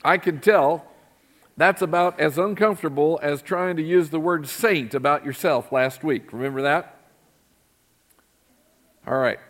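A middle-aged man preaching a sermon in a church, talking conversationally and asking his congregation questions. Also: on the high side. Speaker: pastor. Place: church sanctuary.

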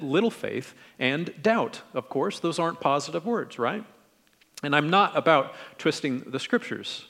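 A middle-aged man preaching a conversational sermon in a relaxed, friendly way, acting out quoted lines in different tones. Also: a little high, creaky, in a large hall. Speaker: pastor.

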